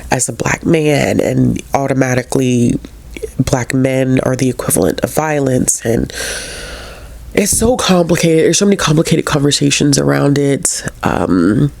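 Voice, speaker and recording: A young woman talks through her week of reading in a chatty, earnest vlog, her voice stuffy from a cold. There is a gravelly fry in her tone, and the recording sounds close and dry. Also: rumbling low, unhurried, darkish tone, no echo. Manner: chatty and earnest, with frequent fillers and restarts. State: congested from a cold. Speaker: book vlogger. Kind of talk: casual reading vlog chat.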